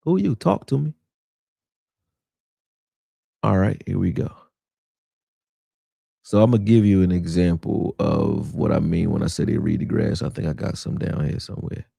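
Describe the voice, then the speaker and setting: A man hosting a casual live football film breakdown, talking in an animated, argumentative way and answering people in the chat. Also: sits low, normal speed, creaky, husky, dry recording, studio quality.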